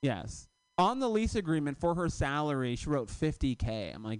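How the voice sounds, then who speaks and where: A thirty-something comic from Florida works a club stage into a handheld mic. His voice sits a little high, swings widely in pitch and stays smooth and crisp. The sound is close and dry as he tells his profane, self-mocking stories. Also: lively intonation, normal speed, hardly any pauses, darkish tone, no echo. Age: 30s. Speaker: stand-up comedian. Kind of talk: stand-up comedy set.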